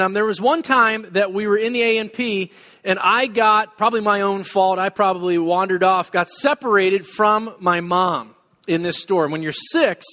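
A pastor in his forties telling a personal story in a sermon, with many fillers and frequent throat clearing. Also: high voice, pushed and bright. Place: church hall. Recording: long hall reverb.

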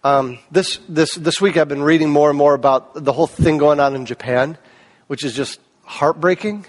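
A man pastor preaching a sermon in a conversational way, asking rhetorical questions and swinging between louder and softer passages. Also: fairly high pitch, moderate pace.

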